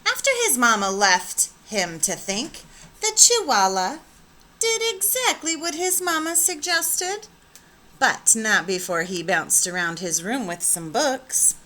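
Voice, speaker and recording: A woman teacher reading a picture book aloud with expressive, animated storytelling. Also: a little high, takes it slowly.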